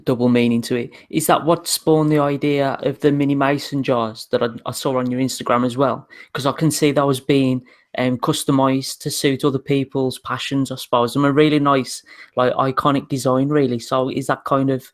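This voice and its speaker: A man's voice: mid-range voice, little pitch movement, moderate pace. A man, a podcast co-host asking curious questions in a casual, chatty way. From United Kingdom. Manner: inquisitive, chatty interviewer. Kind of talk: casual chat.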